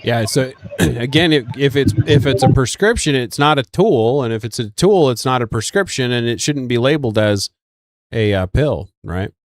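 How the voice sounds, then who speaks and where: A man's voice: mid-range voice, normal speed, dry recording, studio quality. Man host reading out chat. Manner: relaxed, reads out chat comments. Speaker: livestream host. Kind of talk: casual chat.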